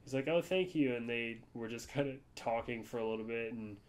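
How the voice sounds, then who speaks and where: A man's voice: level tone, fairly quick. A man from the United States, co-hosting a podcast, telling stories in a loose, rambling way. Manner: rambling storyteller, jumps to high-pitched voices for quoted people. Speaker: podcast co-host. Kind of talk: casual chat.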